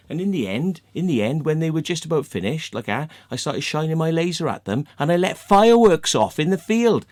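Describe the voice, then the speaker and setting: A man with an English accent, ranting heatedly in a sweary monologue and tagging his points with "yeah?" and "right?". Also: lowish voice. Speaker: video blogger.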